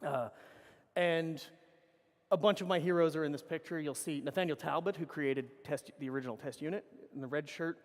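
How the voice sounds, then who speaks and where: Middle-aged male speaker, slightly high voice, loose and profane storytelling, big echoing hall. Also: fairly quick. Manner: casual, profane, rambling with self-corrections. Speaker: conference speaker. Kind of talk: anecdotal conference talk. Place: large conference hall. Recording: reverberant conference hall.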